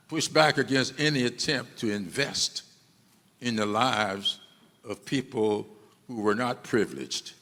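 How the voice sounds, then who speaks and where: Before an audience, a man gives a stirring speech, repeating key phrases for weight, his medium-pitched voice pushed and bright. The recording carries the long reverb of a hall.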